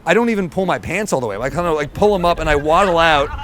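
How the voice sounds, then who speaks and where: Self-mocking New comedian, slightly high. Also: male voice, quick pace. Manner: self-deprecating, animated storytelling. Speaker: stand-up comedian. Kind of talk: stand-up storytelling.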